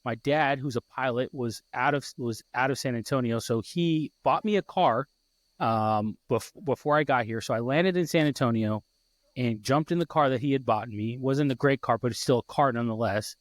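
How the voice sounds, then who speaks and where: Podcast host, male, 30s; heartfelt, halting storyteller, mid-pitched, dry close mic. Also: no room sound. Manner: heartfelt, halting with many restarts. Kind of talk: emotional personal story.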